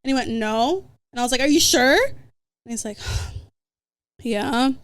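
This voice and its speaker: A young adult woman, a podcast guest, telling dating stories in casual chat, animated and swearing freely. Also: fairly high pitch, unhurried.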